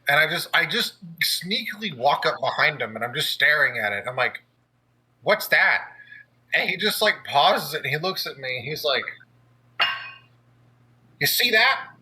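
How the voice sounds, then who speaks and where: A man's voice: a little high, sing-song, a little fast, hardly any pauses, pushed and bright, husky, rough recording. A young man telling a story in casual chat, with lots of filler words and laughs along the way. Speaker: podcast co-host.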